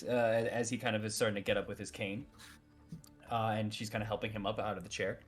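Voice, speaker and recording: Game master narrating casually. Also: male voice, lowish voice, level tone, fast, breathy edge, soft background music. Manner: loose, hedging narration full of "kind of".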